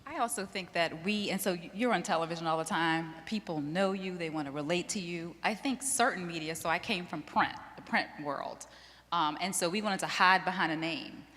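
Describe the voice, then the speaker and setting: Female print journalist on a panel, earnest and steady, with a low, bright tone in a big hall. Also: normal speed. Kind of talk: panel discussion. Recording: long reverb of a large hall.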